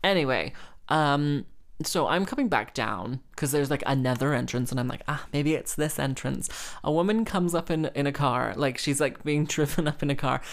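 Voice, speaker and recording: Smooth-voiced woman telling a chatty story. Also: deep voice, moderate pace. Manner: chatty and rambling, heavy use of "like", laughing between phrases. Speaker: harpist. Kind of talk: casual anecdote storytelling.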